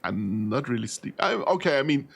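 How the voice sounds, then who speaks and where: A man's voice: mid-range voice, animated, slow pace, creaky, a bit bright. A tired man streaming a role-playing game, thinking aloud as he sorts loot, often laughing. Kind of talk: casual gameplay commentary.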